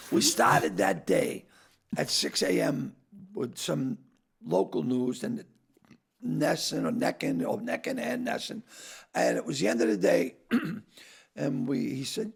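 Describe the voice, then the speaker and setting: An older comedian, a guest in a casual chat, tells stories and acts out dialogue in quick bursts. His gravelly, husky voice is fairly high and swoops wildly in pitch.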